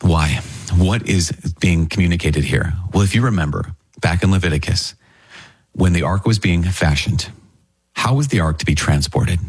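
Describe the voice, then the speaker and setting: Lively male Bible teacher, low and husky, who keeps asking his listeners rhetorical questions. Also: normal speed, no room sound. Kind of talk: scripture commentary.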